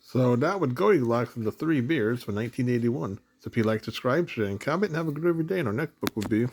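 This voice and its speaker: Quick gravelly male host. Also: medium pitch, expressive, a little mellow, slight background noise. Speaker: channel host. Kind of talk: casual outro.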